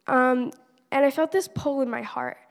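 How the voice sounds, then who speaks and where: Earnest teen girl with vocal fry. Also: high-pitched, moderate pace. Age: teenager. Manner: earnest, conversational, many "like" fillers. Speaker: church member giving a testimony. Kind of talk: personal faith testimony. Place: church hall. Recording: long church-hall reverb.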